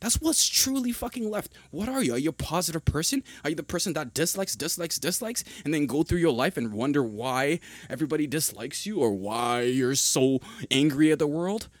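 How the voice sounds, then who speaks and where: A young man hosting a podcast, talking in a heated, emphatic monologue with a husky voice, repeating points and swearing often. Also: fairly high pitch, expressive, fairly quick, hardly any pauses, dry recording. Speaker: podcast host.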